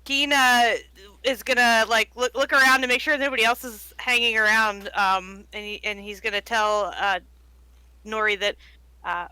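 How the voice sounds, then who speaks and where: Bright-voiced, giggly woman player. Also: fairly high pitch, steady tone, normal speed, clean tone, no echo. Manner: rambling, filler-heavy, giggly. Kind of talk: casual tabletop role-play.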